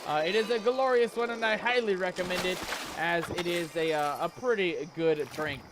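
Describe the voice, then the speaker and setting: High-voiced hype-man streamer. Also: fairly even intonation, moderate pace, background noise. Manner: showman hype, pirate-themed banter with chat. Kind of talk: hyped live game stream commentary.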